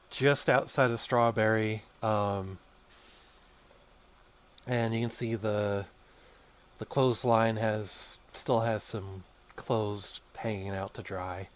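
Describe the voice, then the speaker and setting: Slow male game master, lowish voice, filler-heavy narration. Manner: unhurried, with many fillers.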